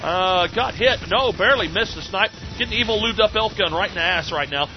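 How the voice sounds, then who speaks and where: A man giving excitable, jokey sportscaster-style play-by-play of a video game, laughing often. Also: sits high, fairly quick, a little hiss or hum. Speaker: game commentator. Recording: muffled lo-fi recording with game music.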